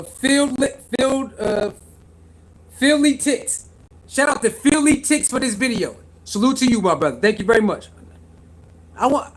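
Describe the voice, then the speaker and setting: A young man with a high-pitched voice, ranting on a live reaction stream. He talks in an animated, slangy way, repeats himself, and keeps calling out to his viewers. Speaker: vlogger reacting to sports news.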